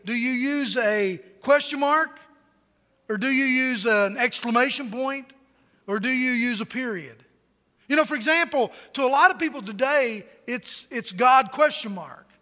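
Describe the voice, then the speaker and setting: A man's voice: very high voice, bright, forceful tone, big-room sound. A man preaching a sermon to a large congregation, joking and telling stories, with many repeated words. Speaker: pastor. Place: large church hall.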